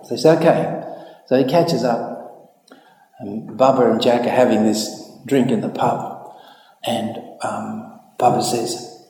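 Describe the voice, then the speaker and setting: A man giving a public talk, telling a story and jumping high when he voices other people. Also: steady tone, unhurried, gravelly, long pauses, mellow. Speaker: speaker. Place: hall. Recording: echoey hall reverb.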